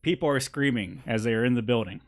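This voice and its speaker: A man's voice: mid-range voice, quick pace. A man narrating as dungeon master in a tabletop game, loose and laughing as he describes the scene. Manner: loose and laughing, acts out crowd voices.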